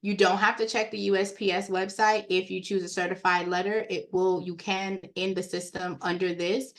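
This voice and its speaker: A woman giving a casual, chatty walkthrough of credit repair software on a screen share, talking straight to her viewers. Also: medium pitch, level tone, normal speed. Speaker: software trainer.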